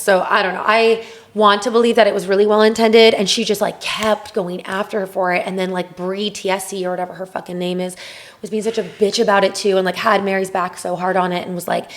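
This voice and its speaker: Brief: young woman podcast co-host, casual profane gossip, mid-pitched voice. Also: a little fast. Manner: profane, animated gossip with acted quotes. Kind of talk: casual chat.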